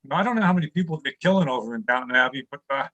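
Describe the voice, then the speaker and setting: A man's voice: medium pitch, lively intonation, very fast, pushed and bright, highs cut off. A man comedian telling jokes on a video call in a wry, folksy way, with plenty of filler words. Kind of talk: stand-up bit on a video call.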